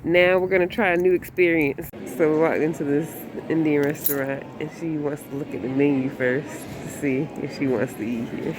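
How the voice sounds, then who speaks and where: A woman's voice: sits low, fairly even intonation, normal speed, few pauses, noisy background. A young woman chatting humorously to her camera in a casual vlog. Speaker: vlogger. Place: grocery store, car and restaurant.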